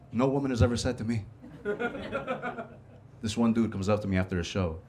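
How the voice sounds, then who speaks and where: A man's voice: mid-range voice, wildly swooping pitch, normal speed, darkish tone, a little hiss or hum. A man hosting a comedy show, doing a casual, profane stand-up set on a club stage. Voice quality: casual, profane, laid-back delivery.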